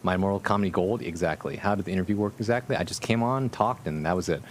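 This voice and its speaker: A man hosting a casual live stream as a VTuber, with a somewhat low voice. He talks to his viewers in an amused, rambling way and swears freely. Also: fast talker, slight background noise.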